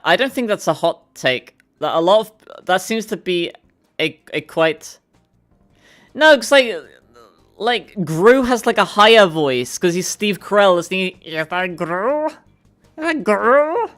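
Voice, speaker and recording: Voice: mid-range voice, lively intonation, moderate pace, a bit bright. A streamer chatting casually with viewers, rambling with lots of filler words. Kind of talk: casual live-stream chat.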